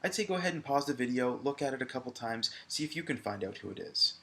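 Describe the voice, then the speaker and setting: A male high school English teacher giving a recorded video lesson, talking to viewers in a conversational way with frequent fillers. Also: lively intonation, fast talker, fairly bright tone.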